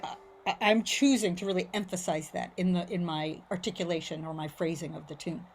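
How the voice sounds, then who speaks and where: A woman's voice: fairly low pitch, steady tone, fairly quick, soft background music. A woman teaching Irish mandolin tunes in an online class, casually explaining phrasing, often checking in with "right?". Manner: casual, explains with sung syllables and frequent "right?". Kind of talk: online music lesson. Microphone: video call. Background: mandolin playing.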